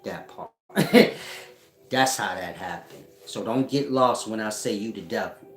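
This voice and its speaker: A man giving a casual spiritual teaching at home, talking slowly and often checking that listeners follow him. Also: on the low side. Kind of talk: casual esoteric teaching monologue. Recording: echoey room.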